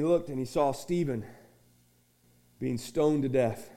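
A pastor preaching with a high voice that carries. He builds to shouted, repeated lines, then drops to quiet, chatty asides and acts out the people in his stories. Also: normal speed. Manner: restarts and acts out little dialogues. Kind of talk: sermon.

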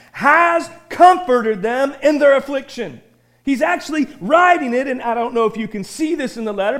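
A man preaching a sermon in a church, animated and conversational, often breaking into excited shouting and asking the congregation questions. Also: very high voice. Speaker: pastor. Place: church sanctuary.

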